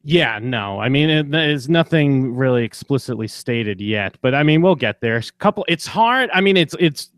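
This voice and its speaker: A young man chatting as a podcast co-host, loose and jokey, with quick mocking asides. His voice sits at an everyday middle pitch. The mic is close and dry, with no room sound. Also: lively intonation, smooth, no echo. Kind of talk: casual chat.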